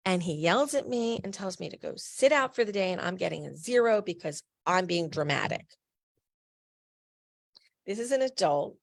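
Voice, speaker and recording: A middle-aged woman from New Jersey tells a personal story in a low, gravelly voice. She speaks candidly and with emphasis, dropping blunt asides as a patient advocate who has lived it. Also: animated, moderate pace.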